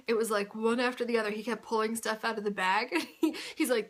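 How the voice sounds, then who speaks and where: At home under a bright light, a woman hosts her own video podcast, chatting casually in a gushing, rambling style and laughing a lot. Her voice is slightly high, slightly fast, and somewhat bright.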